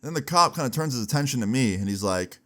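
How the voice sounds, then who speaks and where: A young man in his late teens telling a personal story in a casual, animated way, acting out the quoted voices. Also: medium pitch, fast talker. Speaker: storytelling vlogger.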